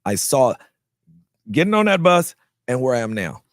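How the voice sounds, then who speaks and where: A man from North Carolina telling his life story as an actor guest in an interview, animated and acting out the people he quotes, often repeating words as he restarts. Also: medium pitch, moderate pace, dry recording, clean studio sound.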